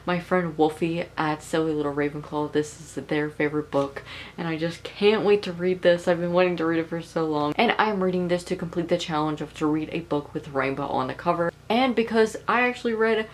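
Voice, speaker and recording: Chatty young woman, lowish voice. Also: brisk, low-quality recording. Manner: chatty, rambling, with filler words. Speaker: book vlogger. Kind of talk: casual reading vlog.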